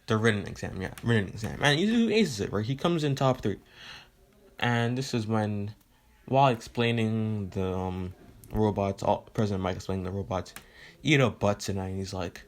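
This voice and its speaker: A man's voice: fairly low pitch, normal speed. A man telling a fan story in a casual, rambling way with lots of fillers and swearing.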